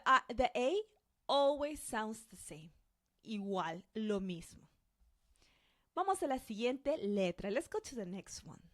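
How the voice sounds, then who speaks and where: Patient woman teaching Spanish sounds. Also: on the high side. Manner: patient, models sounds slowly and repeats them. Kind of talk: online pronunciation lesson.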